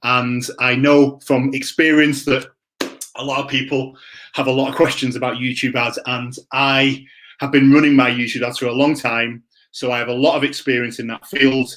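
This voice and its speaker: A man's voice: medium pitch, level tone, normal speed, a bit bright. A man hosting a live online Q and A, greeting viewers by name in an upbeat, chatty way. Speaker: livestream host. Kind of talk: live Q and A stream chat.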